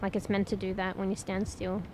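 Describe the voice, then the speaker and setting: On a low-quality recording, a woman with a mid-range, dark-toned voice talks briskly and with little pitch movement. She's streaming a game, chatting casually with viewers, thinking out loud and swearing now and then.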